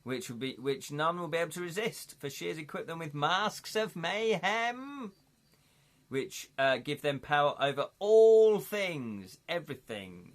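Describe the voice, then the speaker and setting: A man's voice: fairly high pitch, fairly bright tone. A man from the UK hosting a casual live-stream read-through of an adventure gamebook. He is jokey and rambling, often stops to chat, and stumbles and restarts over words as he reads aloud. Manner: jokey and rambling, breaks off the reading to chat and laugh.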